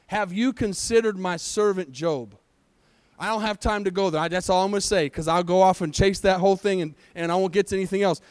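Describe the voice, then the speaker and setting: High-voiced preacher calling out to his church. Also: clear, resonant tone, no echo, clean studio sound. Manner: animated, call-and-response preaching with rhetorical questions. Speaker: pastor. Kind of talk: sermon.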